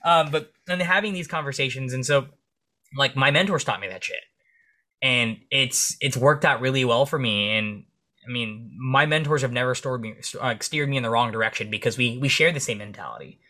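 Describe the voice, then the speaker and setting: A man speaking as a police officer and podcast guest. He tells energetic stories in casual interview chat and swears freely. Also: moderate pace. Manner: acts out dialogue in comic high voices.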